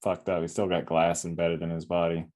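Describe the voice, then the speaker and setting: A man's voice: low voice, monotone, brisk, darkish tone. A man co-hosting a casual comic review podcast, blunt and swearing freely. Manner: blunt and heavily profane; acts out characters in quoted lines. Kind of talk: casual chat.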